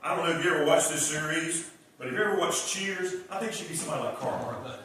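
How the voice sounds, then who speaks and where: A man preaching a revival sermon, telling the story in an animated way and acting out the characters' lines. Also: a little high, fast, slight background noise. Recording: echoey hall, distant mic.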